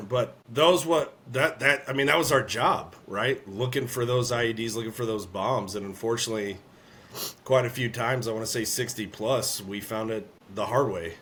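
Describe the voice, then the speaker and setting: A man, an army veteran, telling a war story in an interview, earnest and halting, often clearing his throat. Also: mid-range voice, a bit bright, slight background noise.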